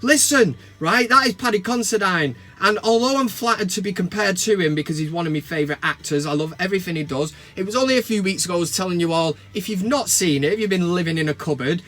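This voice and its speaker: A middle-aged man from England with a Mancunian accent, ranting and joking to camera from his van, bursting into mock shouts. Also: a little high. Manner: swears and mock-shouts in outbursts. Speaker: vlogger. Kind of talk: casual comedic rant to camera. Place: parked van cab.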